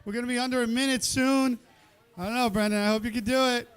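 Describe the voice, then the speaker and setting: This event host, hosting a live cooking contest in an indoor kitchen, calls out the countdown and kids around with the chefs and crowd, cheering everyone on as he emcees. His very high voice moves fast with fairly even intonation and a slightly bright, clean tone.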